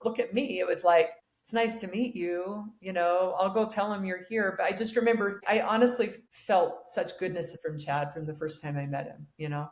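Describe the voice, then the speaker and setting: A woman's voice: fairly low pitch, normal speed, few pauses. A woman in her forties, a podcast guest, telling a personal story with earnest emotion and acted-out dialogue. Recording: echoey room.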